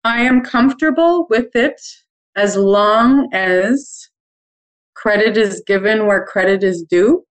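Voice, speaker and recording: A middle-aged Canadian woman answers interview questions about making ribbon skirts, speaking in a calm, measured, thoughtful way. Her pitch is medium, and the audio quality is poor.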